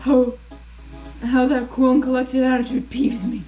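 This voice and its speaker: A woman's voice: high-pitched, flat delivery, unhurried, muffled recording, soft background music. A woman voicing a haughty, scornful adult male prisoner from a video game, prim and condescending as she reads his lines aloud. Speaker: game character read aloud.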